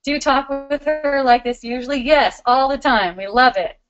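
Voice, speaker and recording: A middle-aged woman hosting a live spiritual question-and-answer stream, talking in a warm, giggly, loving way. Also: high-pitched, normal speed, lo-fi sound, faint music behind.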